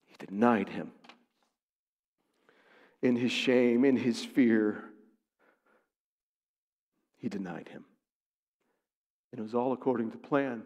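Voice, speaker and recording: A man preaching a sermon, who acts out the lines he quotes with big swings in pitch and volume. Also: takes it slowly, long pauses, a little mellow, big-room sound.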